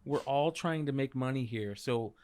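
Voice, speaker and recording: A man's voice: medium pitch, moderate pace, darkish tone. A man co-hosting a podcast, chatting in an easygoing, blunt way and mostly agreeing with his guest. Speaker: podcast co-host. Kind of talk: casual chat.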